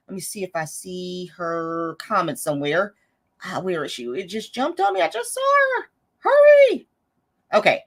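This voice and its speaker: Lively-voiced woman hosting a money livestream. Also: fairly low pitch. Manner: chatty, reads and answers viewer comments, self-correcting. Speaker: host of a live budgeting stream. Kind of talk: casual livestream chat.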